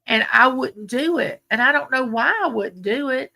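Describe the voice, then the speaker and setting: A woman's voice: high-pitched, moderate pace, creaky, bright, forceful tone. An older woman, chatting folksily with viewers on her live stream and reminiscing as she goes. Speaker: livestream host. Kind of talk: casual live chat with viewers.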